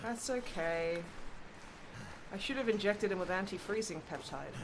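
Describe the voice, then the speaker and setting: A woman streaming a video game in casual chat, expressive and quick to swear in outbursts. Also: mid-range voice. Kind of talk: casual gaming livestream chat. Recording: home mic with clear background noise.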